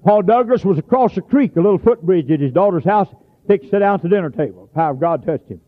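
A man preaches a folksy storytelling sermon, his voice sitting a little high for a man. He swings from plain talk into sudden shouts. The sound is tinny and narrow, like an old radio broadcast heard over a phone. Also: animated, fast talker.

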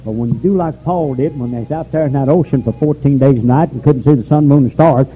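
An older man preaching a revival sermon, swinging from fervent shouts down to low, quiet pleading. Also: fast talker. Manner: fervent, rising to shouts then dropping low. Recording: tinny phone-like old recording with faint noise.

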